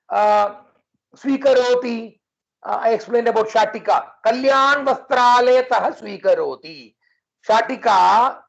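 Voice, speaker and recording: A man's voice: extremely high pitch, creaky, a bit bright, dull audio. A man teaching a language class, patiently repeating and drilling words for his students. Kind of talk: online class lesson.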